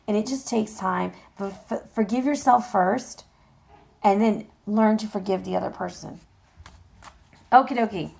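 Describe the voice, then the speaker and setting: Gravelly-voiced woman giving a tarot reading. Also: medium pitch, a little mellow. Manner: encouraging, talks straight to viewers, keeps checking in with "okay?". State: voice getting tired. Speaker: tarot reader. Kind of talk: casual tarot reading to camera.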